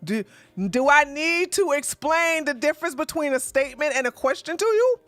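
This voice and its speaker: A man's voice: very high-pitched, normal speed, sharp tone, no echo. Combative guy ranting on his stream, swears a lot, dry close sound, faint music under it. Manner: combative, profane, mocking; repeats lines for emphasis, laughs scornfully. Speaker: livestream host. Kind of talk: livestream commentary rant.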